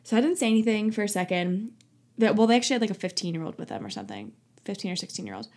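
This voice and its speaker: A young woman in her twenties hosting a casual solo talk show, telling a story in a chatty, animated way with lots of "like" and "um" and frequent laughter. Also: mid-range voice, rapid-fire. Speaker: podcast host.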